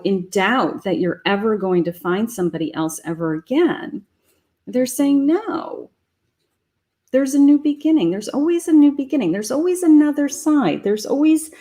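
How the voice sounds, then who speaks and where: A woman's voice: fairly high pitch, a little mellow. A woman giving a live tarot reading, chatty and encouraging, talking straight to the viewer. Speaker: psychic tarot reader.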